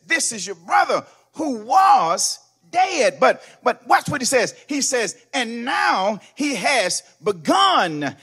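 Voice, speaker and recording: High husky preacher man, whooping sermon. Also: fairly bright tone. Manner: preaching with sung, whooping cadence. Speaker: pastor. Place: church sanctuary.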